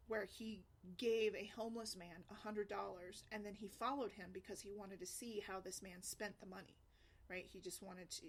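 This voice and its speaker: A woman's voice: medium pitch, vocal fry. A woman talking earnestly in a casual vlog, conversational and often asking "right?". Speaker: single mom blogger.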